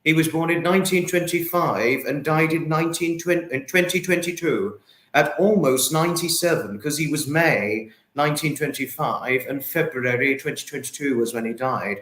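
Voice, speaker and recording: A man's voice: fairly high pitch, moderate pace, fairly bright tone. Effusive young man in an echoey room. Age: young adult. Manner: reads out viewer comments, effusive. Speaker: livestream host. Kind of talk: casual livestream chat.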